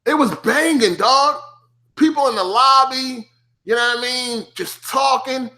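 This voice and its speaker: A man streaming, telling a gaming story casually, with heavy slang and cursing, acting out his younger self in a higher, excited voice. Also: measured pace.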